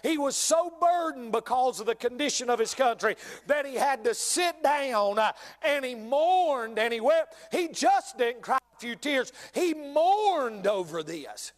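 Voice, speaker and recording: Southern preacher guy from north carolina, real high voice, repeats stuff for emphasis. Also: very animated, unhurried, hardly any pauses. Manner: preacherly, repeats lines for emphasis, addresses congregation directly. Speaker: pastor. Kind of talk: sermon.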